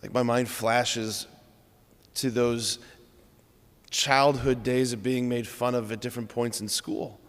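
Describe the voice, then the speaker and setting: A man's voice: mid-range voice, little pitch movement, slow, long pauses, long reverb tail. A man, a Catholic priest, giving an earnest, conversational homily in a church.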